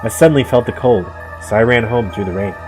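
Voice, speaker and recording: A man's voice: medium pitch, fast talker, over music. A young man playing a horror game, reading the story aloud and cracking casual jokes between lines. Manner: casual, joking asides between dramatic read-outs. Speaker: gamer. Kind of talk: let's play commentary, reading game text aloud.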